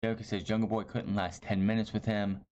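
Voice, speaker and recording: A man's voice: on the low side, little pitch movement, fast talker, a little mellow. A man giving a casual, opinionated recap of a wrestling show, blunt and rambling, often correcting himself mid-sentence. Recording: slightly dull lo-fi audio with faint hiss.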